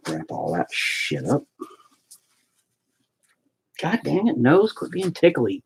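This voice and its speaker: A man with a husky voice, talking to camera in a casual painting vlog at home. He rants and rambles with plenty of swearing, and his pitch swings widely. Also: wildly swooping pitch, unhurried, pauses often, poor audio. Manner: profane, ranting, rambling. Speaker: vlogger.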